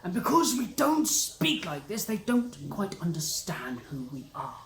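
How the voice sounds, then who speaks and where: A woman's voice: medium pitch, sing-song, a little slow, reverberant. A young English woman with a Southern English accent, chatting emphatically about her travels. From England. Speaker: travel vlogger. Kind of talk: casual chat.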